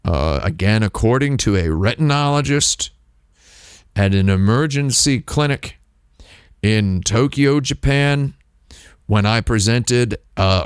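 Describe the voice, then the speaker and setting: A man's voice: mid-range voice, a little slow, clean tone, no echo, clean studio sound. A man hosting a stream, talking in a rambling, playful, jokey way with his mouth right on a dynamic microphone. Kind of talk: casual stream chat. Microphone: close dynamic microphone, mouth on foam.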